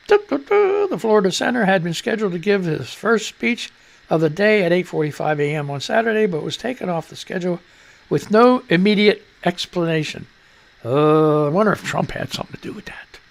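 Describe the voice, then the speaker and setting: A man with a high, creaky voice hosts a live radio and stream show, rambling loosely and jokingly through news headlines. Between reads, he mutters to himself.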